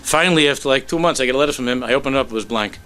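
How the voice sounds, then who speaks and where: A man who is a rabbi tells a story during a sermon, his racing delivery animated before sinking into soft, low tones.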